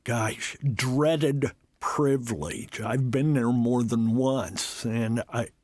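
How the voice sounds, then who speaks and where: A man hosting a podcast, asking interview questions and reacting casually in a gentle way. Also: medium pitch, fairly even intonation, drawn-out words, no room sound, clean studio sound. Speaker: podcast host.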